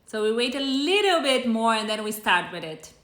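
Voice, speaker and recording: A woman's voice: fairly high pitch, sing-song, normal speed, fairly bright tone, roomy sound. A woman with a Brazilian accent hosting a live cooking stream, chatting casually and greeting viewers by name. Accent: Brazilian Portuguese. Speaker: cooking show host.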